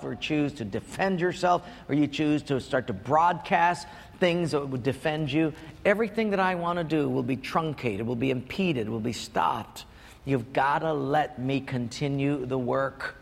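A man voicing God in a slow, low, solemn and firm way. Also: vocal fry, long reverb tail. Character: God speaking, calm commanding divine voice.

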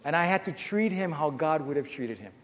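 A man's voice: on the high side, lively intonation, brisk, fairly bright tone, big-room sound. A man, a former judge, preaching a sermon and earnestly telling a personal story, acting out the dialogue.

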